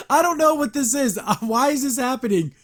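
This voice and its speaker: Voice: high voice, expressive, moderate pace, fairly bright tone. A podcast host giving a casual recap and review of a cartoon episode. The host rambles, uses lots of fillers and sounds wry and incredulous.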